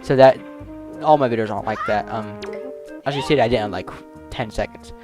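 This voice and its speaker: A man's voice: fairly low pitch, fairly quick. A man giving casual gameplay commentary, rambling with many fillers as he plays. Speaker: let's play gamer. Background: game music.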